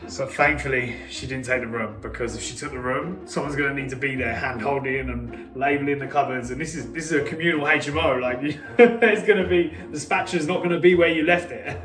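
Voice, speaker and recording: Animated man, echoey and off-mic. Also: mid-range voice, brisk, hardly any pauses, distant mic, over music. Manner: animated storyteller, acts out dialogue. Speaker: property investor. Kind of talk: casual storytelling vlog.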